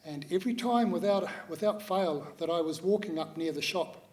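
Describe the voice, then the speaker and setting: A man in his sixties with a New Zealand accent, giving a measured, reflective talk to an audience, pausing often. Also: high-pitched, a little mellow. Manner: measured, reflective, with many pauses and hesitations. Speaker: speaker at a public talk.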